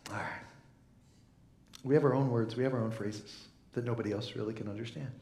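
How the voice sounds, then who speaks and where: A man's voice: medium pitch, fairly quick, creaky, echoey room. A man preaching a humorous sermon in a church, joking and mimicking voices as he talks. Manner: jokey, animated, mimics voices, frequent laughs. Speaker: pastor.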